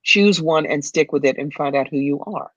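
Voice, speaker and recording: A woman's voice: sits low, moderate pace, dry recording, lo-fi sound. A woman giving psychic readings to viewers in a confident, familiar way, calling people darling. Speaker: psychic medium guest.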